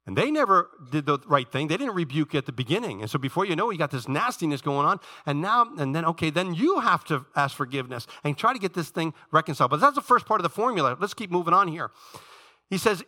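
A man pastor preaching a sermon in a church, shifting between quiet conversational asides and emphatic, rising peaks. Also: a little high, sing-song, brisk.

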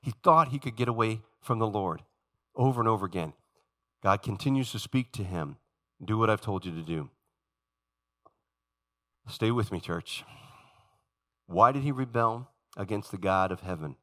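A man preaching a sermon in church, animated and emphatic, acting out the voices of the story he retells. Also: fairly low pitch, normal speed. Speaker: pastor. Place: church sanctuary.

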